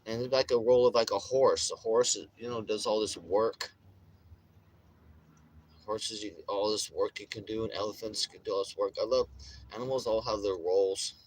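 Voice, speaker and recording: A man's voice: lowish voice, fairly even intonation, moderate pace, husky. A man chatting casually on a livestream in a rambling, profane way, with frequent laughs, while getting over a chest illness. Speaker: vlogger.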